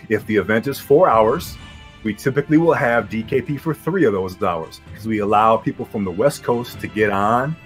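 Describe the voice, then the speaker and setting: A man, slightly low-pitched, chatting casually and at length. He talks in a relaxed, slangy, rambling way as a guest. Faint music plays underneath. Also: moderate pace. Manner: laid-back, rambling, slangy. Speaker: guest, guild leader. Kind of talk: casual podcast interview.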